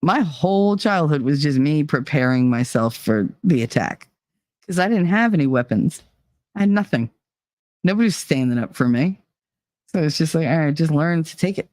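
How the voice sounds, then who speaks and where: A woman's voice: deep voice, lively intonation, moderate pace, a little mellow, dry recording. A woman hosting a casual live stream who reads viewer chat and talks candidly and bluntly, with swearing and wry humor.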